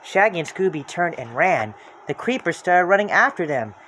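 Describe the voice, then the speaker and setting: A storybook reader narrating a children's book aloud in a lively, expressive way. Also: medium pitch, normal speed, a little hiss or hum.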